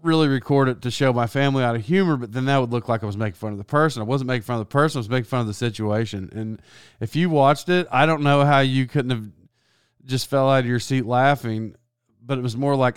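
A man's voice: medium pitch, quick pace, smooth, no echo, clean studio sound. A sports announcer telling a long rambling story in a casual, self-deprecating way, laughing as he goes.

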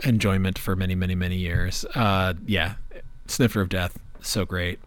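Deep-voiced wry man. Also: flat delivery, moderate pace. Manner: wry, joking asides. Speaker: podcast co-host. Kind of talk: casual chat.

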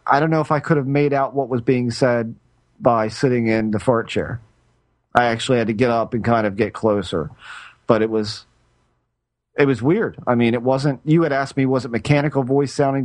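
A middle-aged man who co-hosts a podcast chats casually, spinning a rambling tale and often restarting his sentences midway. The recording is dry, and his mid-range voice has a darkish tone.

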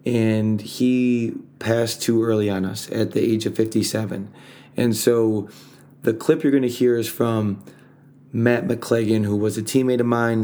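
A man hosting a podcast, introducing a clip in an earnest, steady way. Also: on the low side. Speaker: podcast host. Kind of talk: scripted introduction.

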